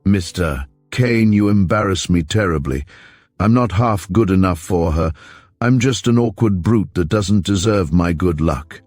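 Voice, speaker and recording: A smooth, smug crook passing himself off as an officer, as a male narrator reads him, courteous on the surface with a mocking edge underneath. The voice sits low. Faint music hums behind. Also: unhurried, darkish tone, no echo. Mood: genial. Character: smooth male crook posing as a Canadian major.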